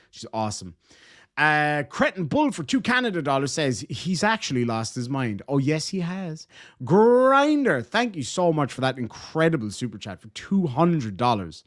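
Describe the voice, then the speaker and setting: A man casually reading out super chats on a livestream, animated and full of swearing and quick thank-yous. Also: mid-range voice. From Ireland.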